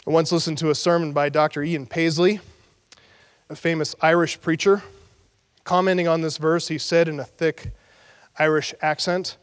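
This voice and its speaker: High-voiced man preaching a sermon. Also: in a large hall. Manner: emphatic, repeats key phrases. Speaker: pastor.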